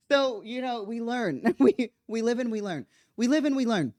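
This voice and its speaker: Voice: mid-range voice, moderate pace, hardly any pauses, no echo. Podcast host rambling thru a funny bit, keeps laughing, medium voice, dead dry sound. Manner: animated, laughs often, rambling asides. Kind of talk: casual comedic monologue.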